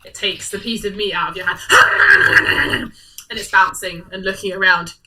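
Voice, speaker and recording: Woman DM, playful and giggly, bright voice, does sound effects; slightly distant mic. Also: medium pitch, measured pace. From United Kingdom. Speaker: dungeon master. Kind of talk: narrating a tabletop game.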